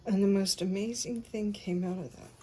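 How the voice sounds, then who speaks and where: A woman in her fifties telling a personal faith testimony, soft-spoken and often sinking into a breathy whisper. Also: medium pitch, fairly even intonation, normal speed, a little hiss or hum. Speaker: speaker sharing a faith testimony.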